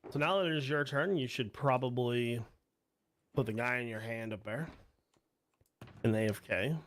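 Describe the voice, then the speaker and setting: A man's voice: mid-range voice, moderate pace, a little hiss or hum. A man refereeing a card game over voice chat, patiently explaining the rules step by step.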